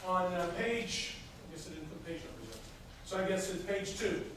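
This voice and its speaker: A man with a somewhat high voice teaches a roomful of students, walking them through a procedure step by step. He stops often to hunt for the next word. A distant recorder in a very echoey classroom catches him, with a faint hiss underneath. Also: sing-song, moderate pace, a bit bright. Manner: explains step by step with frequent hesitations. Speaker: instructor. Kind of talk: classroom lecture. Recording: echoey room from far off, faint noise.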